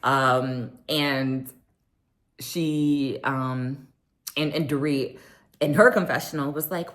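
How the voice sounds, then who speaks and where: A woman's voice: extremely low pitch, steady tone, takes it slowly. A woman recapping a reality show in a chatty way, with lots of "um"s, often acting out what others said. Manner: chatty, many fillers, acts out quotes. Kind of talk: casual recap chat.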